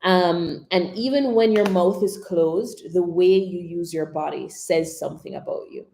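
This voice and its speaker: A woman coaching public speaking on a live stream, expressive, modelling whispers and dramatic pauses. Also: lowish voice, creaky, reverberant, a little hiss or hum.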